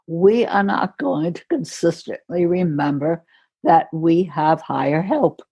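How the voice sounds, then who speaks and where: Older american lady telling a story slow, breathy voice, little laughs in between. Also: on the low side, mellow. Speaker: podcast guest. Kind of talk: storytelling in conversation.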